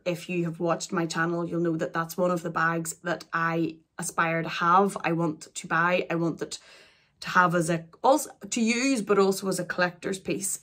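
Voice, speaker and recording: A woman, chatting through an unboxing in a halting, emotional way, with many restarts. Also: on the low side. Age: 40s. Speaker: luxury vlogger.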